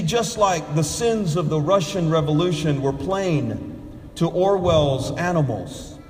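A man preaches a sermon at an unhurried pace, mixing stories and jokes into his teaching. His voice sits fairly high. The church around him gives a long, roomy reverb. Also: a little mellow. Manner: storytelling with jokes.

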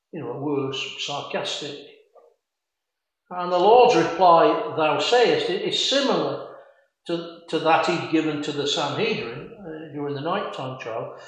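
A man preaching an expository sermon on a Bible passage, measured and reflective, with frequent fillers and quoted scripture in old-fashioned phrasing. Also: a little high, a bit bright. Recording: very echoey room.

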